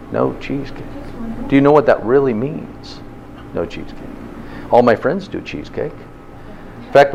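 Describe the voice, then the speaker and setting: A man's voice: mid-range voice, vocal fry, a little hiss or hum. A man teaching a health class in an informal, interactive way, often checking in with "okay?". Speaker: health instructor.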